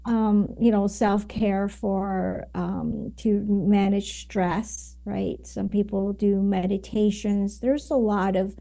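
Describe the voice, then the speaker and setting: A woman's voice: medium pitch, level tone, slow pace, vocal fry, hardly any pauses, warm tone. A woman guest on a podcast, explaining her ideas at length, with many fillers and "right?"s. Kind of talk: conversational interview.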